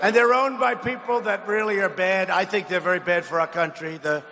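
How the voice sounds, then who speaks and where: A man giving a rally speech in a large arena, mocking and repeating himself and shouting lines to the crowd. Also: high-pitched, steady tone, a little fast. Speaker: political speaker at a rally. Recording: long arena reverb, faint noise.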